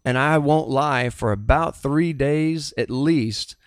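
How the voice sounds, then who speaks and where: A middle-aged man with a Southern US accent shares a personal testimony as a pastor. His voice sits in an ordinary middle pitch. He speaks earnestly, with halting restarts, in a dry, close recording. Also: smooth, no echo.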